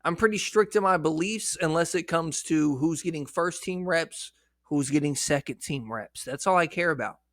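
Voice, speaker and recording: A fast-swinging, excitable man with a fairly high voice and a slight shake in it, as if he has been hiccuping all day. He talks right at the viewer, blunt and cursing freely. The sound is dry and close, with no room around it. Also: dry recording. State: shaky voice after hours of hiccups. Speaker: fantasy football content creator. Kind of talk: casual fantasy football talk to camera.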